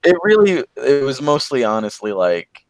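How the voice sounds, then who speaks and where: A man's voice: mid-range voice, big pitch swings, normal speed, no echo. A man on a podcast panel, chatting casually about a film with dry, wry remarks. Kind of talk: casual movie discussion.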